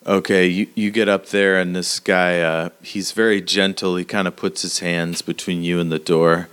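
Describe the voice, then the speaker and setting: A man narrating a tabletop role-playing game as game master, halting with many fillers. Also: low voice, little pitch movement, fairly bright tone, smooth.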